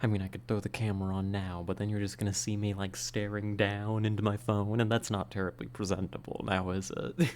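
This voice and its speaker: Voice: sits low, steady tone, fairly quick, a little mellow. A livestream host chatting casually with viewers, rambling and playful, a little winded after exercise. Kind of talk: casual chat with live viewers. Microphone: streaming setup.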